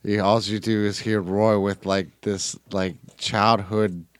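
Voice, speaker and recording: A man's voice: fairly low pitch, flat delivery, takes it slowly, clean tone, no room sound. A man co-hosting a casual gaming podcast, telling stories through laughter and frequent swearing. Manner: laughing storyteller, swears a lot. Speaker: podcast co-host.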